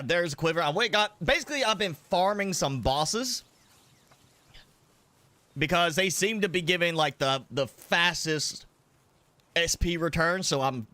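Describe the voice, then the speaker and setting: Eating spicy food as he plays, a male gaming streamer chats loosely on his live stream, coughing every so often. His rambling comes in a slightly high, sharp voice, and there's no echo.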